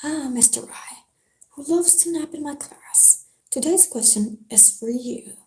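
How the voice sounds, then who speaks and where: A woman's voice: high-pitched, measured pace, dark tone, roomy sound, voice pushed up. A woman whispering a sneering male teacher. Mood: mocking. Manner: sneering, sing-song taunts. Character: mocking cruel male math teacher. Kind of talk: whispered book reading.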